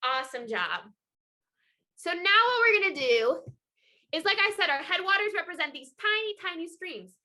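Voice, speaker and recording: A young woman leading an upbeat online lesson for children, energetic, encouraging and playful. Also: very high-pitched, moderate pace. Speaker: children's water festival educator. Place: home, indoors. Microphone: video call.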